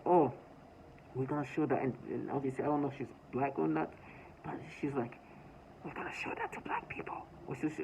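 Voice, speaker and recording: A man speaking earnestly in a personal video monologue, halting, repeating words and restarting often. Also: on the high side. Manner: earnest, urgent delivery. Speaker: vlogger. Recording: tinny phone-like audio with faint noise.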